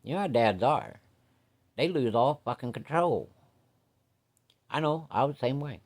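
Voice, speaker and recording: A man's voice: mid-range voice, expressive, measured pace, gravelly. A man telling a story in a folksy, casual way, cussing freely and talking straight to his listeners.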